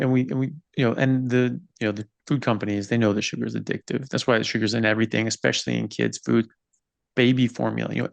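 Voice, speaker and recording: A man hosts a conversational interview over a video call and makes his points earnestly and with emphasis. His voice has a gravelly edge. The sound is dry and close to the mic. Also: medium pitch, no room sound. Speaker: podcast host.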